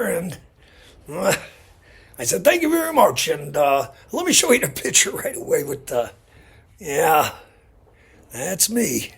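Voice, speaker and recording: A man tells a rambling story for his vlog, chatty and full of asides. His voice is very raspy and gravelly, and his pitch swings widely as he talks. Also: fairly bright tone. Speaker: vlogger. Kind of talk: casual storytelling. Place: Illinois.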